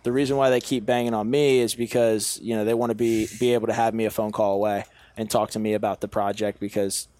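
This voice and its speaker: A young man with a slightly low voice speaks in a dry, close recording. He chats as a podcast guest, earnest and self-assured, and often backs up to restart a phrase. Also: flat delivery, fast, few pauses, darkish tone, no echo. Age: young adult. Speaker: podcast guest, business owner. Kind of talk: casual podcast chat.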